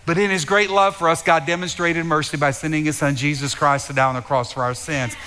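This pastor's sermon comes in a high, bright voice, a little fast, with fairly even intonation. Fervent and repetitive, he frequently doubles his words and talks straight to his congregation, his voice echoing with long reverb through a big hall.

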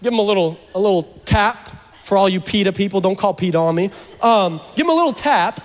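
Male pastor, high voice, jokey conversational sermon that builds to fervent urging, church hall reverb. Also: expressive, fast. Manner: joking, conversational preaching that rises to fervent urging.

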